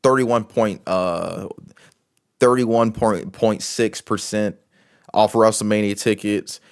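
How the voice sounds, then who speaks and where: A man's voice: on the low side, fairly even intonation, takes it slowly, no room sound, studio quality. A man giving casual commentary as a wrestling show reviewer, rambling with many restarts and fillers.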